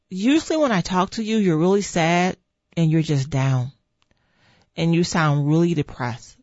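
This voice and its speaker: A speaker retelling a caring sister's concerned, eager questions in a lo-fi recording. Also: female voice, lowish voice, darkish tone, dry recording. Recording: dull lo-fi dry sound.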